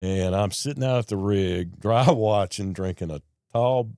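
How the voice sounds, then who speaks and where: Low-voiced guy, middle-aged, folksy storyteller, dry close sound. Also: measured pace, dry recording. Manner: folksy, animated storyteller acting out quoted people. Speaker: podcast guest telling his recovery story. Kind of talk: casual storytelling conversation.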